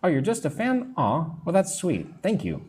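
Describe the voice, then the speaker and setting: A man teaching an English lesson on a live stream, reading out viewers' comments, answering them casually, and slowly drilling pronunciation. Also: a little high, huge pitch swings, darkish tone, slight background noise. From United States. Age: adult, not young.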